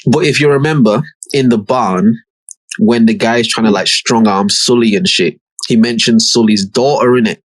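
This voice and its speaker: A man's voice: medium pitch, normal speed, dry recording. A man chats on a podcast, retelling scenes and jumping into the characters' lines with slang and swearing. His voice sits mid-range and sounds dry and close to the mic. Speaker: podcast co-host. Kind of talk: casual chat, retelling a TV episode.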